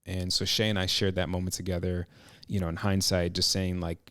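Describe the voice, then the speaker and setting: A man hosting a podcast, telling a personal story in an earnest, reflective way, halting and restarting his sentences. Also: sits low, level tone, a bit bright, no echo, clean studio sound. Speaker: podcast host.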